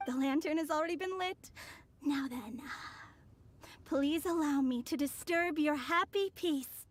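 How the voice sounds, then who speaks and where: A woman voicing a courteous and mysterious female envoy in a video game, polite and measured. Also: sits high. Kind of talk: game voice acting. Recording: game audio with faint music.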